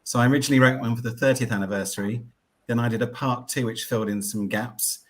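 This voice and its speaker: A man's voice: mid-range voice, fairly even intonation, quick pace, fairly bright tone. A man, a guest author on a live stream, explaining his project in a plain, matter-of-fact way. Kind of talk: casual live-stream chat.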